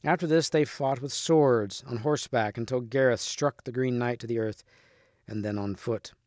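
A man, a teacher, reading a storybook chapter aloud at a clear, steady pace. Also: medium pitch, moderate pace, dry recording, clean studio sound.

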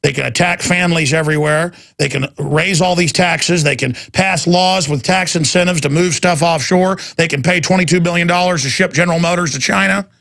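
A man's voice: fairly high pitch, brisk, gravelly, hardly any pauses, fairly bright tone. A man hosting a talk radio show, delivering a heated, impassioned monologue and mocking his opponents' voices.

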